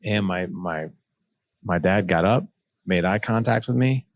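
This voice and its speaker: A man's voice: sits low, unhurried, no room sound. A man in his forties telling a personal story in an earnest, reflective way, acting out remembered dialogue. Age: 40s. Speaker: podcast guest, author.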